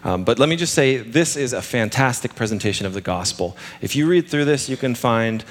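A man preaching a sermon in a relaxed, conversational way, mixing humor with lively emphasis. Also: mid-range voice, a little fast.

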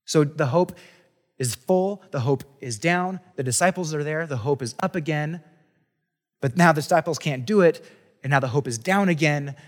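A man's voice: on the high side, normal speed, in a large hall. A man preaching a conversational sermon as a pastor, talking casually and chattily with restarts and asides.

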